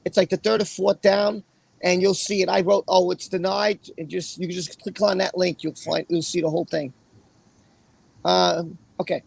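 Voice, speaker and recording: Raspy high-voiced man hosting a livestream. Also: level tone, normal speed, dry recording. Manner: rambling, chatty, with fillers and repeated phrases. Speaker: livestream host. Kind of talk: casual livestream commentary, reading a court opinion aloud.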